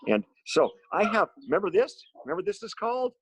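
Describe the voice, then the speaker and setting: A man teaching a music lesson to his students from home, explaining slowly and simply and asking them questions. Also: high voice, slightly rough. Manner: slow, simple explanations with lively questions to children. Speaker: special education music teacher.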